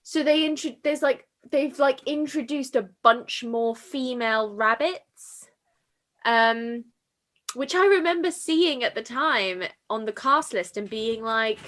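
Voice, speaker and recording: A woman hosts a casual film podcast, her voice fairly high and bright. She is tearful and emotional, laughing through tears and filling her talk with "like". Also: slow. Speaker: podcast host.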